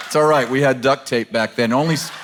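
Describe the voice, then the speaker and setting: A man's voice: medium pitch, fairly even intonation, quick pace, a crowd in the background. Joking man on a noisy church stage. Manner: wry, joking asides. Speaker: pastor, husband chiming in. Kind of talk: joking sermon banter.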